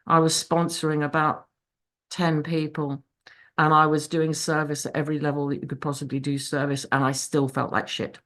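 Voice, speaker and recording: A woman's voice: sits low, little pitch movement, normal speed, fairly bright tone. A woman giving a raw, emotional personal testimony over a video call, swearing freely. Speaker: speaker sharing her recovery story. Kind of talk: personal testimony at a support meeting.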